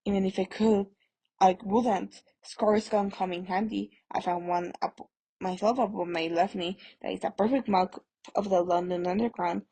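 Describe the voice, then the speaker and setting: A woman voicing Dumbledore, an old, calm and wise male wizard, speaking in a measured way with dry humor. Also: medium pitch, slightly rough.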